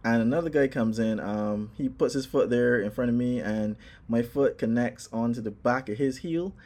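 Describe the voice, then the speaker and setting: A man casually telling a personal story, animated, acting out his own exclamations. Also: medium pitch, moderate pace.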